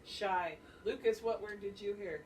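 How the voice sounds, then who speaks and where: A woman teacher reading a picture book aloud to her class with expressive storytelling and calling on children by name to answer questions, recorded by a distant camera in a classroom. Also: medium pitch, unhurried, a little hiss or hum. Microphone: distant camera mic. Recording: distant mic, faint classroom ambience.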